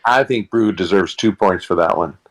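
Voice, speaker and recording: A man's voice: low-pitched, moderate pace. A man guesting on a podcast, easygoing and self-deprecating in casual chat.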